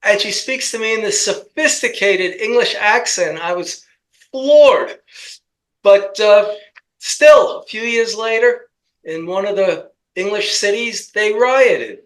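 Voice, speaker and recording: A man co-hosting a casual commentary chat, talking in a rambling, halting way with many restarts. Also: sits high, a bit bright, low-quality recording. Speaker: co-host.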